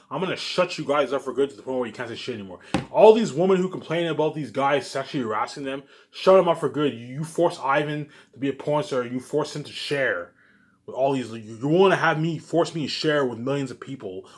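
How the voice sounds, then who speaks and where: A man delivering an agitated, profane monologue to his viewers, repeating himself and restarting sentences, swinging between loud outbursts and low muttering. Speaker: YouTube vlogger. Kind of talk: ranting monologue to camera.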